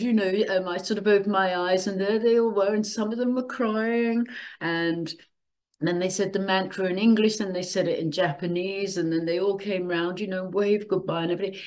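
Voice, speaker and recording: A woman's voice: medium pitch, normal speed. An older woman hosting her channel, chatting casually and emotionally, laughing often as she tells a personal story. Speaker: channel host.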